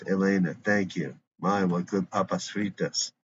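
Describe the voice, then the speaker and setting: A man's voice: deep voice, steady tone, measured pace. A man reading the part of a dry, wry older grandmother on a date. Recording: dull lo-fi recording with faint hiss.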